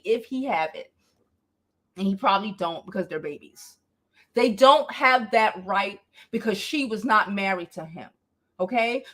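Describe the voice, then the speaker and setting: A woman giving reactive vlog commentary in an emphatic, exasperated, profane rant. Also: high-pitched. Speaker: commentary vlogger.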